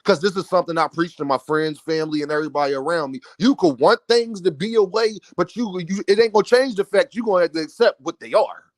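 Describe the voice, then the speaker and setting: A man's voice: high voice, fast talker, no echo. A man giving opinionated boxing commentary, talking emphatically and straight to his viewers.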